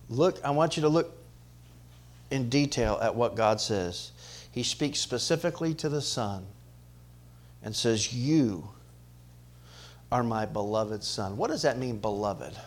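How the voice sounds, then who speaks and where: A man preaching a sermon to his congregation, swinging between loud emphatic rises and quiet drops, often asking the church questions. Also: mid-range voice, lively intonation, a little slow, pauses often. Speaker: pastor.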